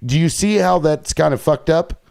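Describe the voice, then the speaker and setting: Male panel guest, blunt and profane, higher-pitched voice. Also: moderate pace, vocal fry, darkish tone. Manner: blunt, swears, challenges with questions. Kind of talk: heated political panel debate.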